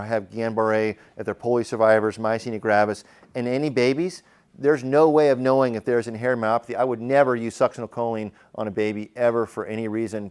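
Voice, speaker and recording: Male emergency medicine teacher, smooth tone, chatty classroom lecture full of fillers. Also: mid-range voice, darkish tone. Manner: conversational, questions the class, frequent fillers.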